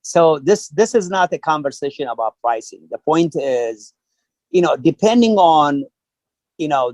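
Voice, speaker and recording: A man's voice: medium pitch, darkish tone, no room sound, rough recording. A man coaching on a small-business program panel, talking in a rambling, hesitant way full of fillers. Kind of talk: online panel discussion.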